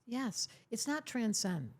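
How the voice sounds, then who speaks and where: An older astrologer, a podcast guest, speaks slowly but very animatedly in a somewhat high voice. Emphatic and teasing, she keeps acting out the voices of those she quotes.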